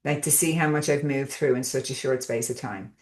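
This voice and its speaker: A woman's voice: extremely low pitch, brisk, a little mellow, echoey room. A woman hosting a casual group coaching call, talking in a rambling, chatty way with lots of fillers and check-ins with her listeners.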